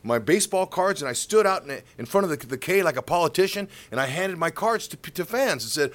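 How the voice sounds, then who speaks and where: A man's voice: a little high, a little fast, hardly any pauses. A middle-aged man, a baseball color commentator, telling stories in a casual interview and acting out the voices of the people in them. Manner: animated, acts out voices in his stories.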